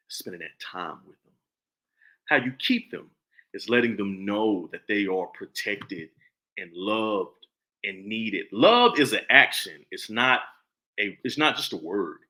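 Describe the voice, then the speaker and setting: Man, 40s, vlog commentary; lively swooping delivery, bright edgy tone, preachy and repetitive. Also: fairly low pitch. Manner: animated, preachy, repeats himself. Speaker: commentary vlogger. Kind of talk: casual opinion monologue.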